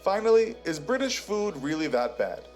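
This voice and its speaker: A man's voice: high-pitched, very animated, normal speed, darkish tone, soft background music. A man giving scripted documentary-style narration with a wry, teasing delivery.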